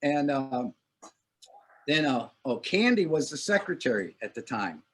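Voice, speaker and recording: An older man telling animated anecdotes in a casual talk, acting out what people said. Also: medium pitch, unhurried, slightly rough. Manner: animated anecdote teller, acts out quotes. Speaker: longtime corps director. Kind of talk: casual storytelling.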